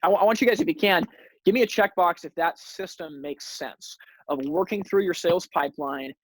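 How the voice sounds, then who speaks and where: This webinar host leads a sales training session, briskly coaching his audience with energy and frequently doubling up words as sentences begin. His voice sits high, and the poor audio has no room sound.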